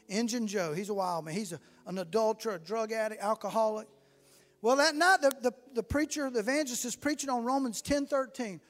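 A preacher with a strikingly high voice tells his story and builds to fervent cries. A long reverb from a large church hall trails each phrase. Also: animated, brisk. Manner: storytelling, rising to fervent shouts. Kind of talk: sermon.

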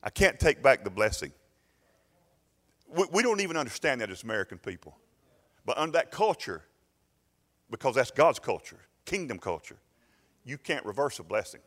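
A pastor, telling a story and building to loud, fervent preaching in a sermon. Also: male voice, medium pitch, sing-song, moderate pace, pauses often, in a large hall.

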